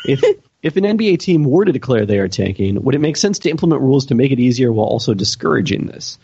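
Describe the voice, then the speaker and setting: A man's voice: mid-range voice, animated, fast, creaky, a little mellow, breathy edge, highs cut off. A man on a podcast panel talking through ideas casually, hesitating and searching for words with many fillers. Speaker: podcast panelist answering listener questions.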